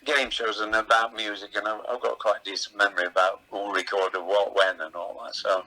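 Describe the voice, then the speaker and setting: An older man from England, a veteran comedian, telling rambling anecdotes in a relaxed chatty way. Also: fairly low pitch, brisk, rough recording. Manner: chatty, rambling anecdotes with playful voices in quotes.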